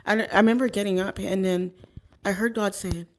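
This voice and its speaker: A woman's voice: mid-range voice, fairly even intonation, fairly quick. A woman telling a personal story in a casual, rambling way, with many fillers and restarts. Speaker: vlogger.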